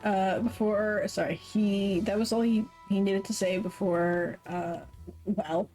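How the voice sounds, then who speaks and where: A woman's voice: fairly low pitch, a little mellow, rough recording. A woman streamer reading a visual novel aloud with live commentary, swearing casually, laughing often and correcting herself mid-sentence. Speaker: Twitch streamer.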